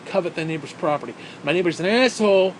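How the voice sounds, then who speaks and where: A man's voice: high-pitched, quick pace, slight background noise. Profane ranting man with a raised voice. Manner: angry, swearing constantly, sarcastic. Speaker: vlogger.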